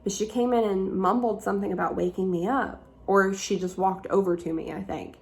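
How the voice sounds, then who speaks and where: Young woman rambling through a story, lots of "like"s, some swearing, gravelly fry in her voice. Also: medium pitch, fairly even intonation, a little fast, a little mellow. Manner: chatty, frequent "like" fillers, swearing. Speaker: vlogger. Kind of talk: casual storytelling.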